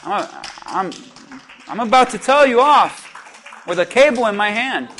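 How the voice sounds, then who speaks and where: A man preaching a sermon, telling a lively personal story and asking the congregation questions. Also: high-pitched, unhurried, a little hiss or hum. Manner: animated storytelling with audience questions.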